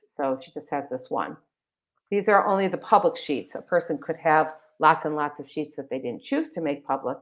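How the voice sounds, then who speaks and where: A woman presenting a live webinar, walking viewers through a website in a chatty, enthusiastic way with many fillers. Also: low voice. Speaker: webinar presenter for a text library. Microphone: video call. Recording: dull lo-fi video call audio.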